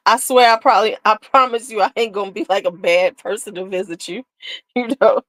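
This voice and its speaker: A woman's voice: mid-range voice, brisk, dry recording. A woman hosting a casual beauty livestream, chatting candidly and sassily with viewers, laughing often. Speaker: beauty channel host.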